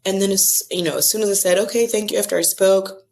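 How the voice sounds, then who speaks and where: A woman's voice: mid-range voice, steady tone, quick pace, creaky, darkish tone. A woman with an American accent telling a personal story in a casual podcast conversation, acting out the voices of the people she quotes. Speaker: guest author.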